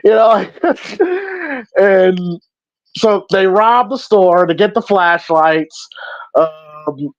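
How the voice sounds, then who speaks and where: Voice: mid-range voice, animated, extremely slow, no room sound. A podcast host reviewing a film in casual chat, laughing often and acting out lines from the movie. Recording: dull, dry lo-fi sound.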